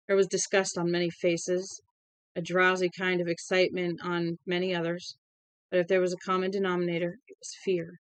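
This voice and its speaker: A woman narrating an audiobook in a steady, even way, with small self-corrections. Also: fairly low pitch, clear, resonant tone, dry recording. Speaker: audiobook reader.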